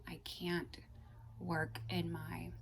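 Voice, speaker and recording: A woman's voice: on the low side, level tone, extremely slow, gravelly, a little hiss or hum. A young woman vlogger ranting to camera in an exasperated way, swearing and at times dropping into whispers.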